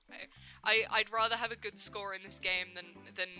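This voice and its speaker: A young adult woman streaming a game, chatting casually and ranting in an animated, profane, self-mocking way. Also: medium pitch, measured pace, soft background music. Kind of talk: casual gameplay commentary.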